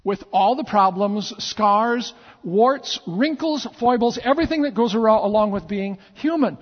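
A pastor telling stories in a sermon, with repeated phrases and dramatic pauses. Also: male voice, high-pitched, lively intonation. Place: church sanctuary. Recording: long church reverb, dull lo-fi sound.

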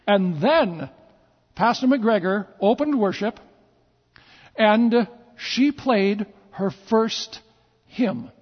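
A pastor telling stories in a sermon, with repeated phrases and dramatic pauses. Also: male voice, high voice, breathy edge. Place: church sanctuary. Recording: long church reverb, dull lo-fi sound.

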